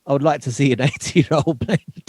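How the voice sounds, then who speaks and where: A man's voice: medium pitch, moderate pace, a little mellow, no echo. A man hosting a podcast, asking supportive questions with some hesitation. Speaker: podcast host. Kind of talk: casual interview chat.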